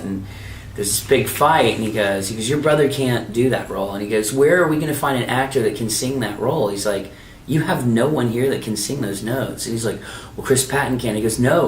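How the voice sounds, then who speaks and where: A male voice actor telling lively anecdotes in an interview, acting out the voices of people he quotes. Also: on the low side, roomy sound, recorded from a distance, a little hiss or hum. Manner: animated anecdote teller, acts out quoted dialogue. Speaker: voice actor guest. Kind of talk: storytelling interview. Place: anime convention.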